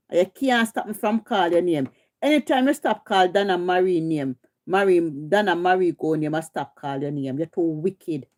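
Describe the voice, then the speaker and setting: A middle-aged woman with a Jamaican accent hosts a livestream and launches into a heated rant, scolding, confrontational and repetitive. Her voice is fairly low in pitch and a little mellow.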